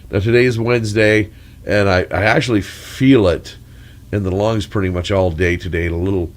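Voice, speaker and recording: A man's voice: on the low side, fairly even intonation, moderate pace. A man with a crackly, congested voice from a cold, rambling through a long mic check with corny jokes and wandering asides. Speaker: storyteller.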